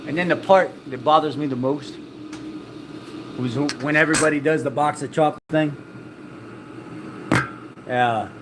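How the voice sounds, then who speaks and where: A man's voice: a little high, normal speed, long pauses, background noise. A man chatting casually and rambling from one joke to the next, laughing at his own stories. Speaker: vlogger. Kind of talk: casual chat.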